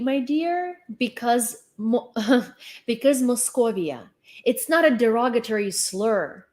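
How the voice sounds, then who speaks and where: A woman's voice: high-pitched, a little mellow. A young woman from Ukraine, giving blunt, sarcastic, condescending live-stream commentary with swearing. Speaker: vlogger.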